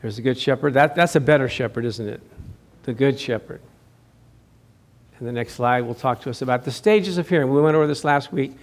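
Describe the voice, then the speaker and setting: A man's voice: mid-range voice, brisk. A middle-aged man, a pastor, preaching a sermon in a conversational way, asking rhetorical questions and often repeating and restarting his phrases.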